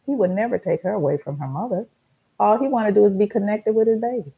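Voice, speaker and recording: Gravelly husky woman talk show host. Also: medium pitch, quick pace, lo-fi sound. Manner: emphatic, repetitive storytelling.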